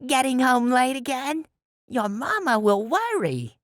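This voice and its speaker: A woman's voice: high-pitched, sing-song, a little slow, no room sound, studio quality, pitched above the performer's own voice. A narrator voicing a pushy, chatty middle-aged woman, a building super's wife, who speaks with a thick accent and scolds in a motherly way. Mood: scolding.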